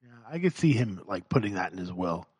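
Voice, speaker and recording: A man's voice: deep voice, sing-song, brisk, a little mellow, husky, dry recording. A man co-hosting a casual podcast, laughing often through easygoing banter. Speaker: podcast co-host.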